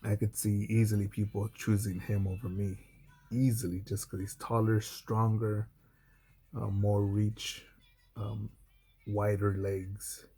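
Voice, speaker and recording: A former Marine speaks to camera in a loose, profane monologue, his voice dark and mellow. He tells his story bluntly, breaking off and restarting his sentences, while faint music plays underneath. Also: little pitch movement, slow pace, breathy edge. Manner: mimics others in a high mocking voice. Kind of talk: unscripted vlog monologue.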